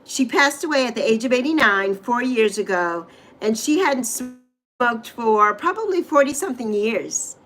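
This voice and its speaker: A middle-aged woman from the Virgin Islands hosts a casual livestream in a high, light voice. She chats and rambles, wanders off track, and greets viewers by name. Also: expressive, a little slow, fairly bright tone, rough recording. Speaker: livestream host.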